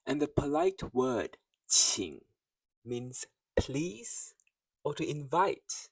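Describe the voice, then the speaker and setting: A man's voice: medium pitch, sing-song, extremely slow, gravelly, pauses often, breathy edge, no room sound, recorded from a distance, low-quality recording. A man teaching a beginner language lesson, speaking carefully and repeating each phrase so learners can follow.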